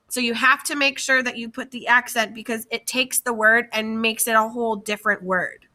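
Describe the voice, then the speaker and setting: Woman, language teacher, slightly high voice, unhurried slide lesson with careful repetition. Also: sharp tone. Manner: slow, careful, repeats key words for students. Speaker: French teacher. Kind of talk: slide-based classroom lesson.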